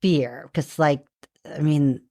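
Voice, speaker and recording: A woman from Canada, a podcast guest, telling a story in a casual, animated and profane way, full of "like". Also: low-pitched, dry recording, clean studio sound. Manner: animated, profane, quick with frequent "like".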